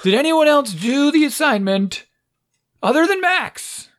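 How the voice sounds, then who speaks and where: A woman's voice: sits high, big pitch swings, measured pace, pitched above the performer's own voice. A parent voicing a bossy female teacher who barks at her students over an online class, repeating their names and making demands. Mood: barking.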